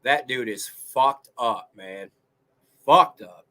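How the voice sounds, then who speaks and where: A man's voice: medium pitch, takes it slowly, bright, forceful tone. A man chatting casually and bluntly, heated and swearing freely. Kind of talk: casual profane chat.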